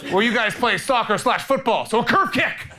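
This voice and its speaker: A man's voice: extremely high pitch, animated, moderate pace. A man doing a stand-up set in a comedy club, swearing freely, mocking himself and riffing with the audience. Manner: profane, self-deprecating, riffing with the audience. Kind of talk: stand-up set with crowd work. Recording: live club mic, loud audience laughter and noise.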